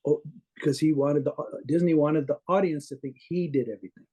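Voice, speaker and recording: A man interviewed as a guest artist tells long, rambling anecdotes full of restarts and little chuckles, in a casual storytelling style. His voice is on the high side, fast, warm and husky.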